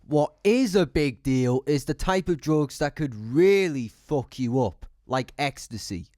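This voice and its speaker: A man's voice: fairly high pitch, lively intonation, a little slow, darkish tone, dry recording, clean studio sound. A man giving blunt, sarcastic commentary, swearing freely as he talks. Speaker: YouTube commentator. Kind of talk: opinionated commentary.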